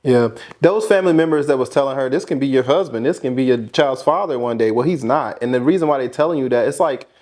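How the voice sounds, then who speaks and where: A man casually commenting on the story in an informal, relaxed way. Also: medium pitch, quick pace, few pauses. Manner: relaxed, informal, repeats himself. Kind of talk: casual chat.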